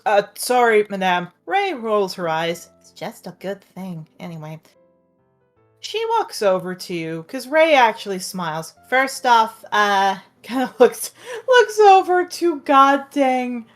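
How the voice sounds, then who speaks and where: A woman game master narrating a tabletop game, describing scenes in a loose, animated way. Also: medium pitch.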